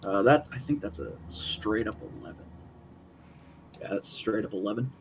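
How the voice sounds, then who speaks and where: A man's voice: on the low side, moderate pace, a little hiss or hum, poor audio. A man playing a tabletop game, calling out rolls in a matter-of-fact way. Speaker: player. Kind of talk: casual tabletop game chat.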